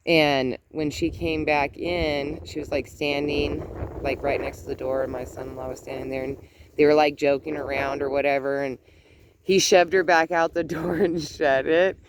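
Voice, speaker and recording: A woman's voice: low voice, steady tone, normal speed, background noise. An older woman, a grandmother, chatting casually on her vlog outdoors, telling a family story with laughs and asides. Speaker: vlogger. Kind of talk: casual chat.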